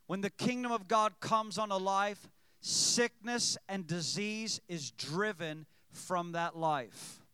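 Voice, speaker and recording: A man's voice: high-pitched, slow pace, pushed and bright, clear, resonant tone, no echo. A man preaching a sermon, reading scripture aloud and calling out to his congregation. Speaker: pastor.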